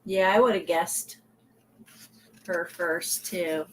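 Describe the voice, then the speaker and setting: A woman's voice: fairly low pitch, fairly even intonation, takes it slowly, a bit bright, slight background noise. A woman co-hosting a live sale, giving brief, agreeable replies.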